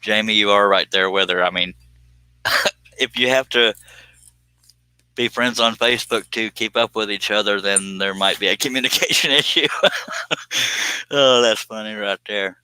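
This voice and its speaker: A man's voice: lowish voice, moderate pace, pauses often, pushed and bright, smooth, no echo. A man with a Southern US accent chatting casually to viewers on a phone live stream, rambling and self-deprecating with frequent chuckles.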